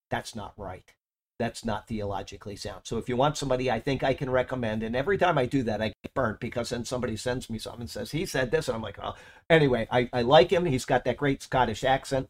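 A man delivering a sermon, moving from earnest teaching with strong emphasis into relaxed, chatty asides. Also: medium pitch. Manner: earnest, lively emphasis, drifts into casual asides. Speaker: preacher.

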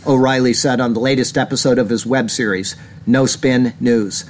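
A man's voice: steady tone, normal speed, slight background noise. A male pastor giving earnest sermon commentary in a small church, reading news items and pressing his points with mounting indignation. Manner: earnest, rising in pitch when indignant. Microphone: camera.

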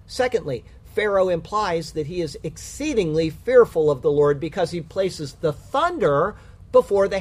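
A man giving a measured, emphatic Bible commentary in sermon style. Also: high-pitched, a little mellow, breathy edge. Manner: measured, emphatic reading with rhymed verse. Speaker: Bible teacher.

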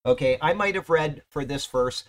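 Man, Bible study teacher, slightly high voice, reads commentary aloud, checks in with listeners. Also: moderate pace.

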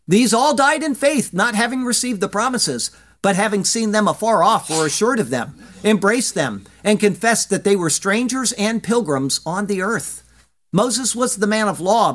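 Measured, weighty Bible teacher. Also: medium pitch. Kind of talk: scripted verse-by-verse Bible commentary.

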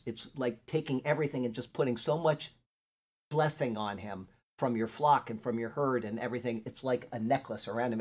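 With a medium-pitched, slightly mellow and husky voice, a man teaches Bible study as a pastor. His talk is conversational, wandering as he pauses to find verses, and he reads passages out with emphasis.

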